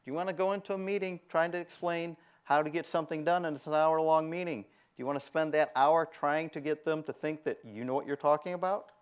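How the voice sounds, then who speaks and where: A man speaks to a room at a conference, his voice sitting a little higher than most men's. He talks in an animated way and slips into the voices of the people he describes. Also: a little fast, hardly any pauses, clear, resonant tone. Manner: animated, acts out quoted voices. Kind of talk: conference talk.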